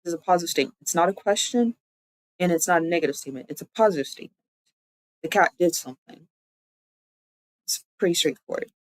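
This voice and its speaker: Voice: mid-range voice, expressive, fast, long pauses, no room sound, rough recording. A streamer giving a casual live-stream lesson, explaining loosely with lots of "like" and thinking aloud. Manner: chatty, loose explanations full of "like"; self-correcting, thinking aloud. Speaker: streamer teaching language.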